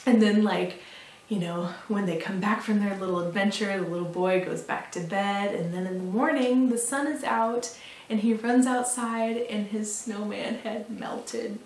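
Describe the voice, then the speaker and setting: A woman's voice: medium pitch, a little slow, darkish tone. Chatty young woman in an echoey room. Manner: chatty, lots of fillers and laughs. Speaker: vlogger. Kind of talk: casual chat to camera. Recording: roomy echo, mic at a distance.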